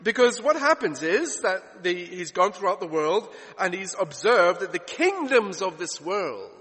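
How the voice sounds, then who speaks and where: A man's voice: high-pitched, very animated, a little slow, fairly bright tone, in a large hall. A man preaching a sermon in an expository style, asking rhetorical questions and piling up repeated phrases for emphasis.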